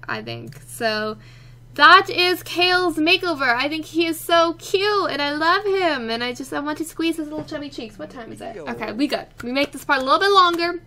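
Brief: high, bright woman narrating her gameplay, playful and chatty. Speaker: let's play gamer. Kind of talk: casual gameplay commentary.

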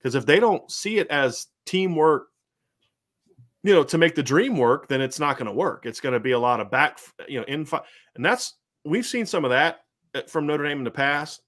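A man hosting a sports podcast, giving animated football analysis and acting out coaches' voices in quick quotes. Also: fairly high pitch. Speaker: host. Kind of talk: fast sports analysis chat.

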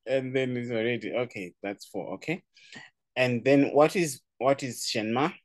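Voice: mid-range voice, moderate pace, dry recording. A Chinese tutor on a video call, giving a casual online language lesson, playful, laughing often and repeating words for drill.

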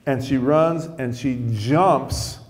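A man's voice: medium pitch, takes it slowly. A man preaching a sermon through a story, talking conversationally with a self-deprecating humor and frequent restarts. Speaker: pastor. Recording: echoey hall.

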